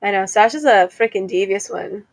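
A young woman chatting casually as a podcast co-host, playful and quick to laugh. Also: mid-range voice, no echo. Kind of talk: casual chat.

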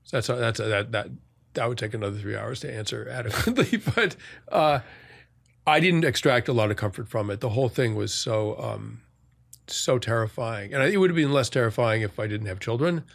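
Male guest: rough, breathy-edged voice, stop-start phrasing, reflective. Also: medium pitch, expressive, dry recording. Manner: halting, many restarts and self-corrections. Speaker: guest, war journalist and author. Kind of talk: reflective podcast conversation.

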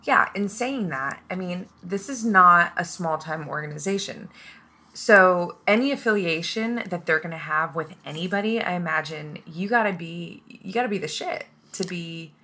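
A woman's voice: lowish voice, moderate pace, pushed and bright. A woman hosting a podcast in casual chat, effusive and gushing, swearing freely as she talks. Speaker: podcast host.

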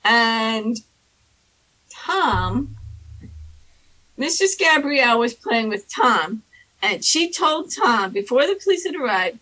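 Woman storyteller, casual chat, bright and husky tone, lively pitch. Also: slow, long pauses, rough recording. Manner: animated, acts out quoted people in high squeaky voices. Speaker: storyteller guest. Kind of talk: casual anecdote telling.

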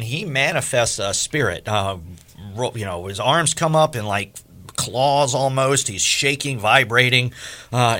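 A man hosting a faith radio interview, telling a story with lively acted-out quotes. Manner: animated, acts out quoted speech with big pitch jumps. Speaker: radio show host.

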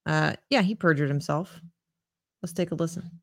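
A podcast co-host in casual chat, introducing segments in a brisk, matter-of-fact way. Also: mid-range voice, creaky.

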